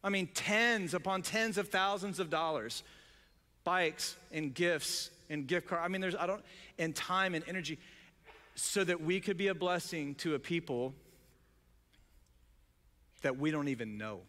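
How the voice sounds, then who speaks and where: A male pastor telling a story in a sermon, excited, with many restarts. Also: a little high, measured pace, pauses often, long reverb tail.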